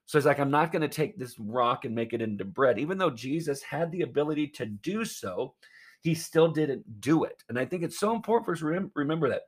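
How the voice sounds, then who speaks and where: A man's voice: on the high side, animated, fairly quick, slightly rough. A man preaching a sermon in an earnest, emphatic way, often calling his listeners friends. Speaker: pastor.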